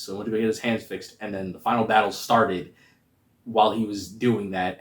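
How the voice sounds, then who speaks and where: Slangy man reviewing a movie, roomy echo. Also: lowish voice. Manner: slangy, animated, rambling. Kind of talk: casual spoiler review.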